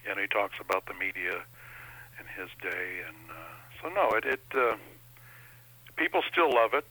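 Folksy guy telling stories in an interview, lowish voice, bright. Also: normal speed, slightly rough, rough recording. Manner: chatty anecdotal storyteller, folksy. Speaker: impressionist guest. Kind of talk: interview chat.

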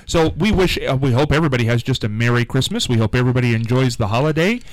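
A male radio host with a very animated, swooping delivery, chatting and rambling in a relaxed, friendly way. His voice sounds close and dry, with hardly any room around it. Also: mid-range voice, rapid-fire, no echo. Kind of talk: casual radio chat. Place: radio studio.

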